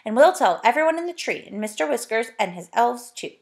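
A woman's voice: fairly high pitch, big pitch swings, a little fast, vocal fry. A woman reading aloud, voicing an eager little fairy girl in a bubbly manner. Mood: cheerful.

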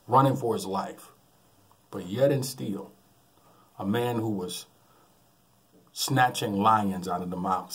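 A man preaching in a lively storytelling way, chuckling between his lines. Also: lowish voice. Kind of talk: sermon with a humorous anecdote.

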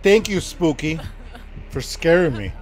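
Guy streaming a horror game, high voice all over the place, yelps and laughs a lot. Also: measured pace, faint music behind. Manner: excitable, laughing, yelping in panic. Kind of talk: reacting to gameplay.

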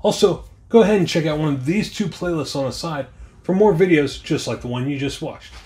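A man's voice: a little high, a little fast, darkish tone. A man, a channel host, reading an upbeat scripted outro.

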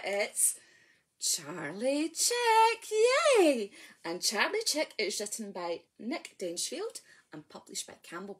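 Animated Scottish woman leading baby rhymes. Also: a little high, slight background noise. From Scotland. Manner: sing-song and exclamatory, coaxing parents and little ones. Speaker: library rhyme-time leader. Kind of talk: baby and toddler rhyme session with a storybook reading.

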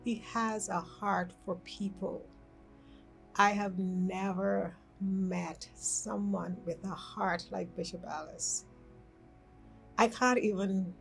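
A woman's voice: medium pitch, gravelly, a bit bright, low-quality recording. A woman giving an earnest testimonial about a pastor she works with, searching for words. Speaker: ministry colleague giving a testimonial. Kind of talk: spoken testimonial.

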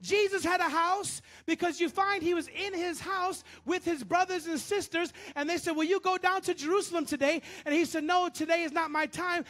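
A man preaching a sermon as pastor, repeating phrases and swinging between loud bursts and low murmurs.

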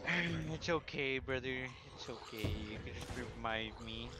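A man's voice: mid-range voice, normal speed, over a noisy crowd. Cocky slangy man in game chat. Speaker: gaming teammate. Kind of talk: casual gaming chat.

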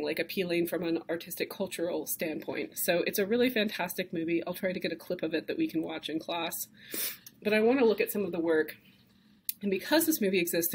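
A woman in her thirties with a somewhat low voice teaches an art history class in a relaxed, conversational way. She gets openly excited about the material and fills her pauses with ums and uhs. A faint background noise sits under the recording. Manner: conversational, enthusiastic, with frequent fillers. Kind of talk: classroom lecture.

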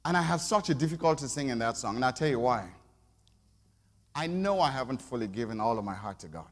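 A man's voice: medium pitch, animated, brisk. A middle-aged man preaching a conversational sermon in church, often calling for the congregation's response. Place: church sanctuary. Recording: long church reverb.

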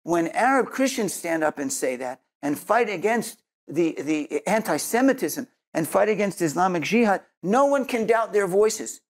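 A man with a high voice, lively intonation and few pauses preaches an earnest Messianic Jewish sermon at normal speed, then closes in prayer. He tends to repeat words while hunting for his thought.

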